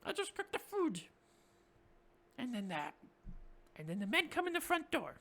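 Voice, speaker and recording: A man voicing a small, timid male goblin cook in a tabletop game, squeaky and fretful. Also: huge pitch swings, moderate pace, sharp tone, heavily acted. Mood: nervous.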